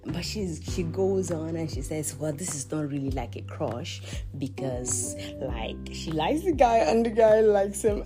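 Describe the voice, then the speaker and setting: A woman's voice: low-pitched, a little slow, over music. A woman, hosting a podcast and telling a confessional story in a chatty way, full of laughing asides where she talks to herself. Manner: animated, self-talking, laughing asides. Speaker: podcast host.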